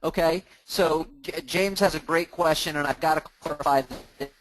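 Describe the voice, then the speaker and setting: A man hosting a live training, talking casually as he clicks through software on his screen and restarting words now and then. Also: a little high, moderate pace, no echo, low-quality recording. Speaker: host of a mortgage training group.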